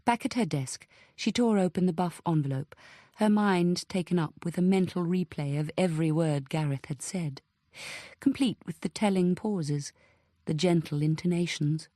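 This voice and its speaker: Low-pitched and even, a woman narrates a scripted audiobook in a measured storytelling manner, recorded cleanly in a studio without echo.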